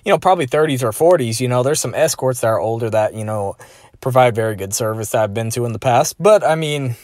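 A man's voice: mid-range voice, expressive, fast, darkish tone, no room sound, studio quality. A man vlogging in a rambling, crude and profane way, padding his talk with filler phrases. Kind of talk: rambling personal monologue.

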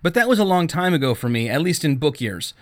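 A man's voice: a little high, big pitch swings, fast. A man hosting his own podcast, narrating a story and telling his experiences in a wry, self-deprecating way. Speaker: podcast host and author.

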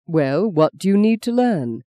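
A reader voicing Arthur, a suave man who speaks slowly and coaxingly, with a theatrical touch. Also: medium pitch, very animated, warm tone, no echo, voice pushed up.

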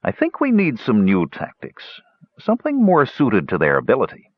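A man's voice: medium pitch, wildly swooping pitch, normal speed, slightly rough, no echo, pitched above the performer's own voice. A man voicing a jovial male hill dwarf in an audiobook, in a blunt, amused way. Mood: wry. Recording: dull lo-fi recording.

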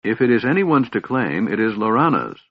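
A man playing a gruff, blunt old dwarf. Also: fairly low pitch, very animated, moderate pace, no echo, pitched above the performer's own voice, heavily acted. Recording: dull, lo-fi audiobook recording.

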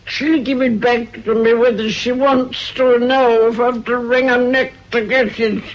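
A woman's voice: fairly high pitch, steady tone, moderate pace, a little hiss or hum, natural voice. An actress playing Agatha Payne, a bitter, menacing old woman in a vintage radio drama, who mutters threats and grudges. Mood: muttering, vengeful. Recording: dull lo-fi old radio recording.

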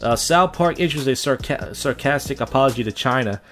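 A man's voice: medium pitch, expressive, a little fast, fairly bright tone, faint music behind. A young man hosting a casual solo podcast, rambling and venting bitterly with plenty of swearing. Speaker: podcast host.

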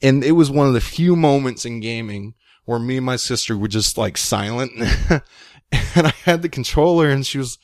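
A young man telling a long story in casual chat, rambling and excitable, with many fillers. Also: medium pitch, normal speed, no echo, clean studio sound. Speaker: guest storyteller.

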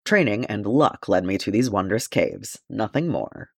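A man's voice: fairly low pitch, expressive, a little slow, gravelly, dry recording, studio quality, heavily acted. A man reading the part of a courteous, stalwart male dwarf warrior in an audiobook, in formal, gallant speech.

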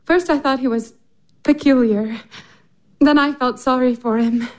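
A woman's voice: sits high, steady tone, measured pace. A woman playing a passionate, headstrong sister in a radio play, speaking in an urgent, impulsive and confessional way. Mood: pleading. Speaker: stage actress in a radio drama.

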